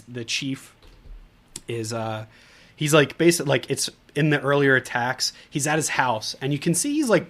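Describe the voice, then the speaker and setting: A man co-hosting a movie podcast, in a loose, laughing mood. He talks in a relaxed way at an ordinary pitch and fills his retellings with "like.". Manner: laughs often, animated retellings with lots of "like". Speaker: podcast co-host. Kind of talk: casual movie chat.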